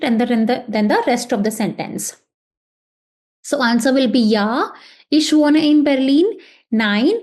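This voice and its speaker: A woman's voice: sits high, a little mellow. Patient woman teaching grammar. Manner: patient, repetitive, checks in with "okay". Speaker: German teacher. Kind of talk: language lesson explanation.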